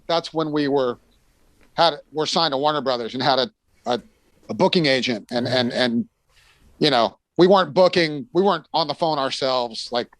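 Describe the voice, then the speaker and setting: A man's voice: medium pitch, dry recording. A middle-aged American man telling rambling tour stories in a casual chat, full of fillers and restarts, sometimes acting out the people he quotes.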